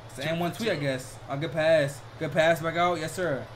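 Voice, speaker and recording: A man with a notably high voice chats casually over game highlights. He's excitable and slangy, tossing in "bro" at every turn. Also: moderate pace, a little hiss or hum. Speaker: reaction video host. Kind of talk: casual reaction commentary.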